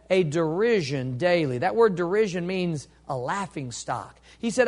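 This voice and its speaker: A man preaching a sermon, moving between quiet storytelling and loud, impassioned delivery. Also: on the high side, animated, unhurried, few pauses. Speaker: pastor.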